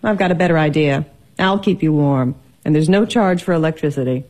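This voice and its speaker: An actress playing a theatrical, fretful young newlywed wife in a film. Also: female voice, low voice, a little fast, darkish tone. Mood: playful. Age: young adult.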